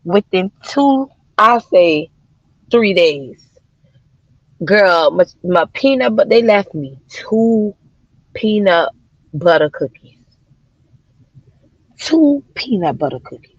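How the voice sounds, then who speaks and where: A woman's voice: medium pitch, very animated, takes it slowly, pauses often, dry recording, dull audio. A woman chatting casually on a livestream, talking to her viewers like friends, with plenty of swearing and slang. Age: adult mother of daughters. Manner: chatty, swearing, addressing viewers as y'all and child. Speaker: livestream host.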